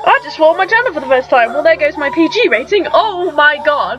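A young woman talks through a video she is watching, exclaiming in disbelief and tripping over her own restarts. Her voice sits high, and the recording is dull and lo-fi with faint music underneath. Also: animated, brisk, hardly any pauses. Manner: incredulous, exclaiming, stammering restarts. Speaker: reaction vlogger. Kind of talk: reaction video commentary.

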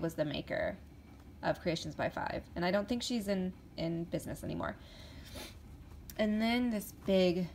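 Chatty woman vlogger, faint hiss. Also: mid-range voice. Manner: chatty, with fillers, stumbling over names. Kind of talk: casual show-and-tell vlog.

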